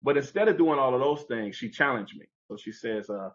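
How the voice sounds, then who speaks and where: This podcast guest is very animated, keeping a moderate pace with hardly any pauses as he recounts a story from his youth. He acts out quoted voices with big leaps in pitch, and the sound is lo-fi.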